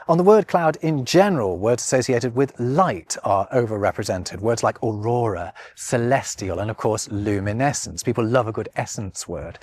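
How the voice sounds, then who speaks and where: A British man narrates a language video with a lively, swooping voice. He sounds playful and wry and punches the key words. His pitch sits in an ordinary middle range. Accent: British English. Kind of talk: scripted educational narration.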